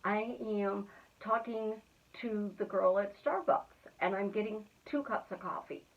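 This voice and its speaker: A middle-aged woman coaching listeners through a motivational talk. She speaks earnestly and keeps returning to the same affirmations in a steady rhythm. Her voice sounds narrow and phone-like, and it comes from some distance away from the mic. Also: mid-range voice, measured pace. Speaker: manifestation coach. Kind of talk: motivational self-help talk.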